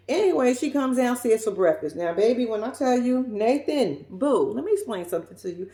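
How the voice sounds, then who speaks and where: A woman's voice: a little high, sing-song, brisk, few pauses, warm tone. A woman giving a blunt, sassy, profanity-laced casual recap of a reality show. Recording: roomy echo.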